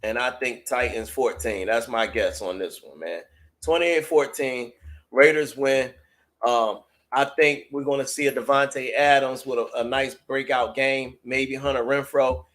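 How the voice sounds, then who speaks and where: A man hosts a sports talk live stream in a loose, casual way. He talks straight to his viewers and reacts to their chat messages. His voice sits at an ordinary middle pitch for a man. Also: a little slow, fairly bright tone.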